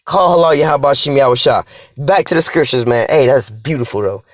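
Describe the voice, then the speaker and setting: A man's voice: mid-range voice, fairly quick, dry recording, studio quality. A man ranting casually in a vlog, preachy and profane, ending nearly every line with "man". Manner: profane and repetitive, tags lines with "man"; preachy, scripture-quoting. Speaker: vlogger reading articles aloud. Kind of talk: casual spoken rant.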